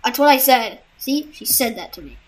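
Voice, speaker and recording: A young woman casually commenting on a game she is playing, laughing and reacting out loud. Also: on the high side, animated, normal speed. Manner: giggly, exclamatory, reacting out loud. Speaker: gamer.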